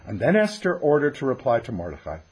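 A man teaching a text study, telling the story in a lively way and reading sources aloud. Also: mid-range voice, quick pace, husky. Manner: animated storytelling, acts out voices, reads sources aloud.

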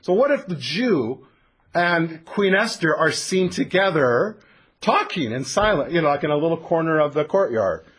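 A man teaching a text study, telling the story in a lively way and reading sources aloud. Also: a little high, moderate pace, slightly rough. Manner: animated storytelling, acts out voices, reads sources aloud.

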